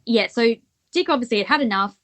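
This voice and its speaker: A woman's voice: fairly high pitch, lively intonation, fast, a bit bright. A woman co-hosting a podcast, retelling a case at length in casual chat and thinking aloud as she goes. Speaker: podcast co-host. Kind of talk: casual true-crime chat.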